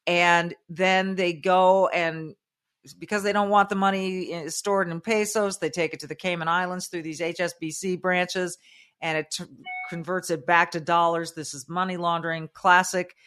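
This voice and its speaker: Brisk plain-spoken woman host. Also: on the low side, fairly even intonation, a bit bright. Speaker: radio talk show host. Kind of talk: interview host, casual.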